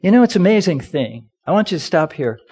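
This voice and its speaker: A middle-aged man preaching a sermon, leading call-and-response and swinging from loud emphatic peaks to quiet low passages. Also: sing-song, quick pace, slightly rough. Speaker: pastor.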